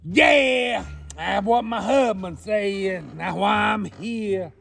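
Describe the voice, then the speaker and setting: A man voicing a big, toothless older woman who talks loud and blunt in a shrill hollering drawl. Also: slow pace, creaky, soft background music, exaggerated voice. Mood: brash.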